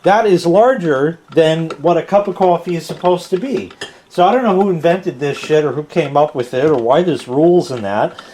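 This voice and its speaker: A man's voice: on the high side, normal speed, a little mellow, a little hiss or hum. An American man in his forties rambling casually about his coffee maker at home, swearing now and then. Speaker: product reviewer. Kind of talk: casual chat.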